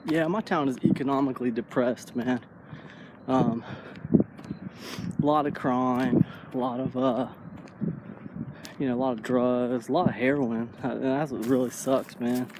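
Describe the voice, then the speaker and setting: A man's voice: mid-range voice, fairly even intonation, measured pace, long pauses. A man in his late thirties talking casually while walking outdoors, rambling and saying "man" a lot. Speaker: vlogger. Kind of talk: casual walking vlog monologue. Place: outdoors on a neighborhood street. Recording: noisy outdoor street recording.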